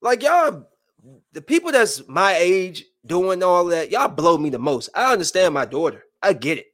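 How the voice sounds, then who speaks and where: A man in his thirties giving casual, joking live-stream commentary, swinging between loud bursts and hushed asides. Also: high-pitched, big pitch swings, moderate pace. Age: 30s.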